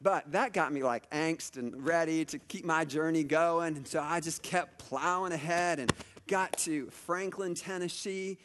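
A man's voice: fairly high pitch, a little slow, fairly bright tone, big-room sound, slight background noise. A middle-aged man preaching a conversational sermon, telling stories with lots of asides and restarts. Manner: chatty storytelling, many asides and restarts. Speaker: pastor.

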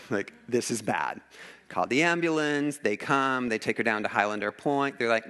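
A male pastor with a mid-range voice preaches a sermon in church at normal speed, his delivery very expressive and swooping. He tells stories animatedly, acts out every quoted line, and laughs often.

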